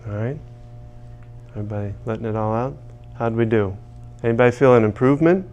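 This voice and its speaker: A man's voice: mid-range voice, brisk, a little mellow, dull audio, a little hiss or hum. A man leading a live group through a tapping session, joking and calling out phrases for them to repeat. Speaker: tapping workshop leader.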